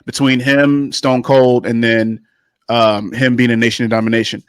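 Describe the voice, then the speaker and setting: A man's voice: mid-range voice, flat delivery, moderate pace, smooth, no echo. A man hosts a casual panel chat, reading stats off a list and restarting his sentences often. His voice sits mid-range and is recorded dry and close. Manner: reads out stats, many restarts and fillers. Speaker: host running the tier list.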